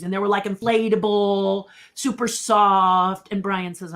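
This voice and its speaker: A woman's voice: medium pitch, steady tone, normal speed, hardly any pauses, a bit bright. A middle-aged woman who is a puppeteer, telling stories as a guest in a casual interview. She acts out quotes and laughs often.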